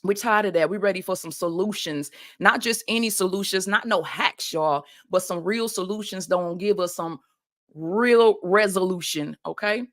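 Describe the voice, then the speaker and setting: A woman's voice: medium pitch, normal speed, a bit bright. A woman hosting a faith-based motivational podcast, talking in a preacherly call-and-response way and often calling out "y'all". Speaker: podcast host and life coach.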